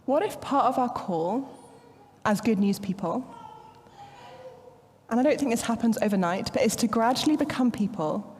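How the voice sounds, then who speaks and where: A woman's voice: a little high, normal speed, pauses often. Woman preaching in a reverberant church. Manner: playful, animated storytelling. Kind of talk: sermon.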